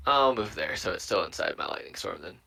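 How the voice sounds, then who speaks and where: A man's voice: low voice, expressive, fairly quick, creaky, pushed and bright, husky, faint music behind. A man playing a tabletop game, vividly describing his character's actions. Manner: vivid, playful action narration. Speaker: player.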